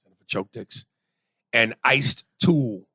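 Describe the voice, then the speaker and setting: A man with a bright, forceful voice co-hosts a podcast, reading listener messages aloud and judging them bluntly. His voice sits at a middling pitch and sounds close and dry, with no room around it. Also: measured pace, husky, no room sound. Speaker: podcast co-host. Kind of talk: casual podcast banter.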